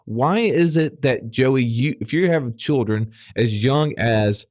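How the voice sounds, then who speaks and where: A man's voice: medium pitch, animated, slow pace, a little mellow, no room sound, studio quality. Man explaining finances with rhetorical questions. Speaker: podcast host. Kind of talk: casual finance podcast chat.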